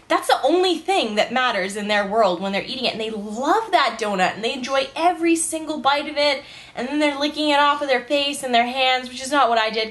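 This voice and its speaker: A young woman with a fairly high voice chats into the camera at home, still in her morning voice just after waking up. She rambles easily, filling her talk with "like" and "you know.". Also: a bit bright. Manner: chatty, rambling, says "like" and "you know" often. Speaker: vlogger. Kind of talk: casual vlog monologue. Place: at home, indoors.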